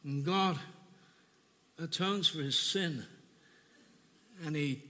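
A man delivers a sermon in a church, his voice pitched high and bright. He speaks with deep feeling, often restarting and repeating phrases as he tells his own story. The recording carries the long reverb of a church hall. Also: takes it slowly, long pauses. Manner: emotional, personal testimony with repetitions. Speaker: preacher.

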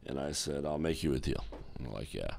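A man's voice: extremely low pitch, expressive, a little fast, gravelly, darkish tone. A middle-aged man from the United States, an interview guest who tells stories animatedly and acts out the voices of people he quotes. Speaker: guest, former exchange executive. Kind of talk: storytelling interview talk.

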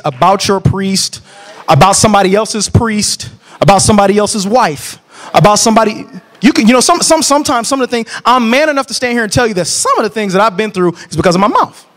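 Very high-voiced preaching man. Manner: animated, preachy, colloquial, bursts into shouts. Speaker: church marriage class teacher. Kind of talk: preaching to a class. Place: church classroom.

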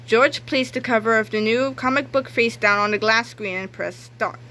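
A woman reading a children's book aloud in a lively, expressive way. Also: on the high side, moderate pace. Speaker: narrator.

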